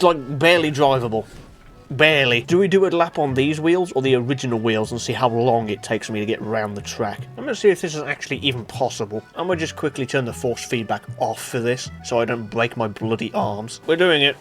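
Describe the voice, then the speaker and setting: A man talking through a driving game in a casual, exasperated way, his voice a little high and very lively in pitch. He swings between muttered asides and loud disbelieving outbursts, and game music plays faintly behind him. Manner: exasperated, shouts and laughs at mishaps. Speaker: gaming YouTuber. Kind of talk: casual gameplay commentary.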